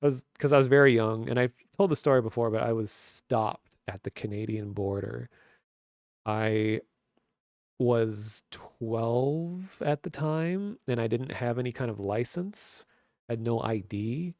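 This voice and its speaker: A man in his thirties with a Minnesotan accent rambles casually on a webcam stream, leaning heavily on fillers. His mid-range voice is darkish and measured in pace. The recording, made on a webcam stream mic, is dry and has studio quality.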